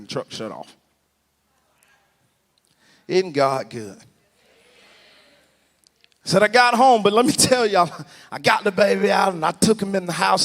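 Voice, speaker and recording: A man preaching a storytelling sermon, animated and talking straight to the congregation, often rising to a shout. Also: fairly high pitch. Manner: animated, swings to shouting, addresses the congregation directly. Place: large church sanctuary. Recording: long church reverb.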